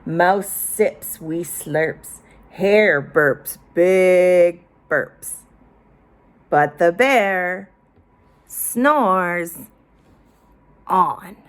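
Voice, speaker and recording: A woman teacher reading a picture book aloud to children, expressive and inviting them to join in. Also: on the low side, very slow, pauses often.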